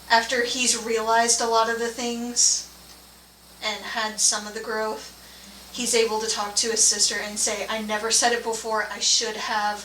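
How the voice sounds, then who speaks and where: A woman co-hosting a casual movie review chat. She laughs often and talks in a relaxed, chatty way. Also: on the high side. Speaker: co-host of a movie and tea review show. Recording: roomy, from a distance, faint room noise.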